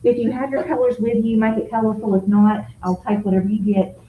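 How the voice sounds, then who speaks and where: A woman teaching a high school vocabulary lesson in a classroom, having students repeat each word. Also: fairly even intonation, brisk, phone-quality sound, a little hiss or hum. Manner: drills pronunciation, asks class to repeat words.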